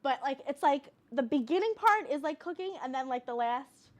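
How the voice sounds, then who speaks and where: A young woman chatting in an interview as a guest, an animated storyteller. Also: high voice, moderate pace. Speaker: guest, cooking show host. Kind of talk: casual interview chat.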